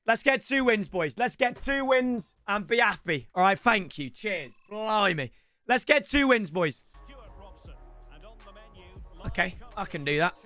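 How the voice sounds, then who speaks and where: A young man streaming a football game, loud and excitable, breaking into shouts. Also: high voice, measured pace, pauses often, no room sound, faint music behind. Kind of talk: excitable gaming livestream.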